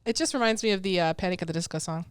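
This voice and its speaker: A woman's voice: lowish voice, rapid-fire, smooth, no room sound, studio quality. A woman co-hosting a podcast, chatting casually with a friend, laughing often and poking fun at herself. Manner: giggly, self-mocking, reads lyrics aloud. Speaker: podcast co-host. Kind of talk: casual chat.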